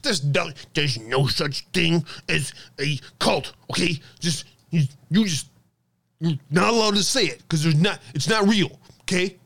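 A man's voice: unhurried, vocal fry, a bit bright, full character voice. Man doing a whiny, scolding sarcastic critic. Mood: sarcastic mocking. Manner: sarcastic, scolding, higher-pitched. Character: whiny dismissive grown man mocking critic.

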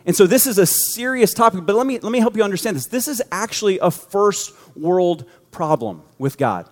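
Youth pastor guy joking around mid sermon, kinda high voice, big echoey hall. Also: animated, brisk, a little mellow. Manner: conversational, joking storyteller. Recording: long hall reverb.

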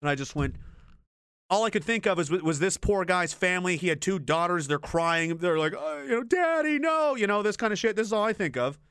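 A man's voice: high-pitched, a little fast, a bit bright, clean tone, dry recording, studio quality. A young adult man, streaming an unscripted rant about his time as a military veteran. He talks bluntly and swears a lot, often breaking off mid-sentence and starting again. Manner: blunt and profane, with frequent trailing restarts.

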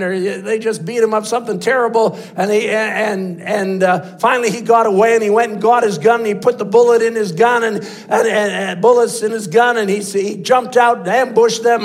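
A man with a high-pitched voice preaches with rising passion. He tells his story in a sermon style, often doubling back on his words and restarting phrases as he drives his point home. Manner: impassioned, with frequent repeats and restarts.

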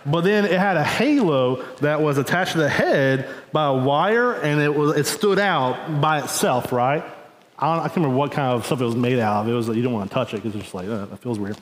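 A man's voice: on the high side, animated, brisk. Man preaching in an echoey church hall. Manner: informal storytelling, often asks the congregation "right?" and says "y'all". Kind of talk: conversational sermon. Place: church sanctuary.

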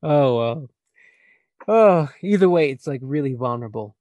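A man's voice: mid-range voice, expressive, normal speed, darkish tone, no echo. A man co-hosting a casual chat, joking and laughing as he reads out fan questions. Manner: laughing, jokey, acts out bits in whispers. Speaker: podcast co-host.

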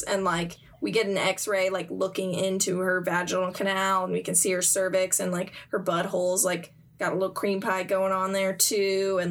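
Woman, casual chat, lively storytelling, pops into character voices. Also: mid-range voice. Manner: animated retelling, acts out characters' lines. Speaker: podcast co-host recapping a comic.

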